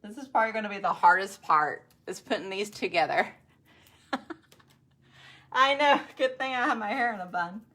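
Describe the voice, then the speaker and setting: A woman's voice: mid-range voice, normal speed, pauses often, sharp tone. A woman hosting a casual live craft stream, chatting to viewers and laughing often. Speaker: craft livestream host.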